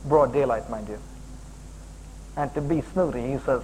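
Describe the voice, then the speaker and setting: A middle-aged man from India preaching a sermon as a guest, jokey and animated, often breaking into high emphatic exclamations. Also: brisk, pauses often, a little hiss or hum, poor audio.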